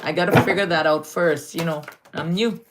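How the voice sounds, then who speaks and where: A woman's voice: on the low side, fairly even intonation, heavy background noise. A woman from Guyana giving astrology readings to viewers on a live stream, affectionately calling them darling. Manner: affectionate, calls viewers darling, slow and drawn-out.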